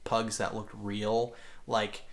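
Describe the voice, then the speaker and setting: A man's voice: fairly low pitch, level tone, slow, gravelly. A man co-hosting a podcast, telling casual stories in a rambling way, full of "like" and restarts. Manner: rambling storyteller full of fillers. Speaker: podcast co-host. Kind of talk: casual chat.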